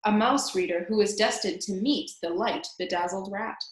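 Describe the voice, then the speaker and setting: A woman reading a children's novel aloud in an expressive way, speaking directly to the listener as "reader". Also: mid-range voice, moderate pace. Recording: roomy echo.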